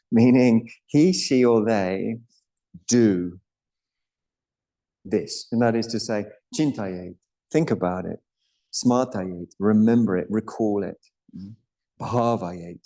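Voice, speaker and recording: A middle-aged man leads a yoga class in a calm, instructive voice. His voice sits fairly low and sounds mellow and warm. He explains each step of the practice at an unhurried pace. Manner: calm, instructive, with Sanskrit terms and soft asides. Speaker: yoga teacher. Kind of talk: guiding a live yoga class.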